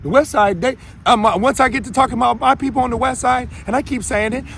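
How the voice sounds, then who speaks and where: A man's voice: very high voice, fast, creaky, a bit bright. A man in his thirties from Minneapolis, hosting his own show in a brash, confrontational unscripted monologue with stammering restarts. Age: 30s. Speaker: show host.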